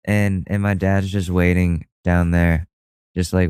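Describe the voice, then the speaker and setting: Solo podcast host, male, low-ish clean voice, dry close sound, rambles and laughs at himself. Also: flat delivery, unhurried, a little mellow, clear, resonant tone, dry recording. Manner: rambling, self-deprecating, many restarts and fillers. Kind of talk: casual storytelling monologue. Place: at home.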